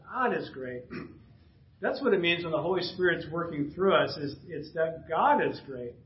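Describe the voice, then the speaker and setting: A man preaching a sermon and reading scripture aloud, clearing his throat often and dropping casual asides between passages. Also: on the high side, expressive, a little slow, roomy sound, highs cut off, a little hiss or hum. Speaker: pastor. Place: church sanctuary.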